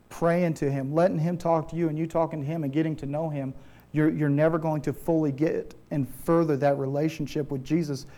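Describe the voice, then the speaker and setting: Man, preacher, church sermon, earnest, conversational, warm mellow tone, fairly high voice. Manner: earnest, conversational, frequent restarts.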